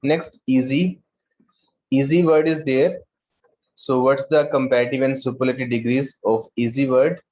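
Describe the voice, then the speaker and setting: A male school teacher with an Indian English accent who talks slowly, repeats words and calls on students by name. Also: mid-range voice, steady tone, darkish tone, lo-fi sound, slight background noise. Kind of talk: online class lesson.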